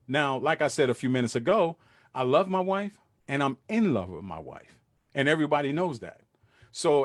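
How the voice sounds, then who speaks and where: A man's voice: mid-range voice, no echo, clean studio sound. A man hosting a podcast, talking casually to his listeners in street slang and acting out little scenes as he goes. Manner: street slang, animated asides and acted-out quotes. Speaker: podcast host. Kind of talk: casual solo talk to listeners.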